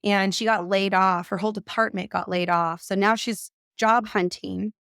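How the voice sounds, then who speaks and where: A woman coach and mother giving conversational advice, emphatic and quick to act out the voices she quotes. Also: mid-range voice, steady tone, vocal fry, a bit bright, clean tone, no echo, clean studio sound.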